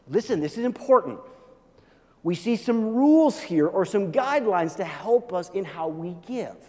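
A man's voice: high voice, warm tone, long reverb tail. A male pastor preaching an emphatic sermon, urging his listeners again and again to listen.

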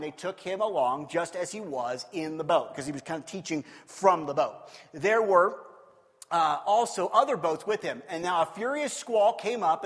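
A man preaching a sermon, animated and acting out scenes with shifting voices. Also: high voice, long reverb tail. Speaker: pastor.

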